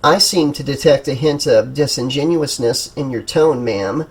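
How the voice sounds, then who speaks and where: A man voicing a calm, wry, soothing woman teacher in an audiobook, in a husky voice. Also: medium pitch, normal speed.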